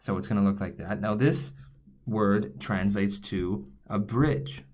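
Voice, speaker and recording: Guy with a lowish voice walking you through an online lesson, explains as he writes, easygoing. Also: measured pace, darkish tone, slight background noise. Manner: explains step by step, thinks aloud while writing. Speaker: language teacher. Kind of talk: recorded online lesson, writing on screen.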